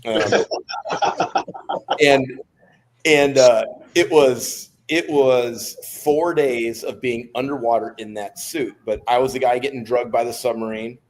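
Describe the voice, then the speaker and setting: A man in his fifties tells his life story as a podcast guest. He speaks at a middling pitch in a relaxed, casual way and breaks into laughter between anecdotes. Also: takes it slowly. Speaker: podcast guest, former Navy SEAL.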